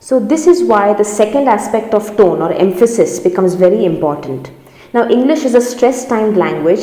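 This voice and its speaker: A woman's voice: mid-range voice, dark tone. A woman teaching presentation skills in an explanatory, emphatic lecture style. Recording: roomy hall with long reverb.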